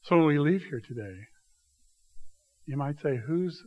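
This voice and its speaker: A man preaching a sermon in a church, swinging between loud, raised passages and hushed, quiet asides. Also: on the high side, expressive, measured pace. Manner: dramatic shifts between loud acted quotes and hushed asides. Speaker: pastor.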